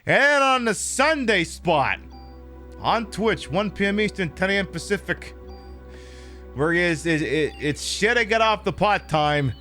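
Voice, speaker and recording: A man's voice: high-pitched, faint music behind. A man hosting a live stream, chatting casually and rambling while he plays a game. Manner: rambling, animated, drops into quick impressions. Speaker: streamer host.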